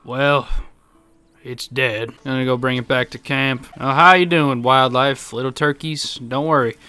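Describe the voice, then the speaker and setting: A man's voice: mid-range voice, steady tone, a little slow, bright, forceful tone, clean tone, no echo. A young man giving joking let's-play commentary, laughing often and yelping playfully. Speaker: gaming YouTuber.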